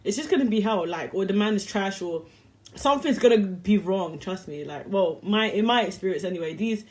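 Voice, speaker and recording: A woman's voice: mid-range voice, expressive, a little fast. A young woman telling a story to camera in a rambling, slangy, chatty way and laughing easily. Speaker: vlogger.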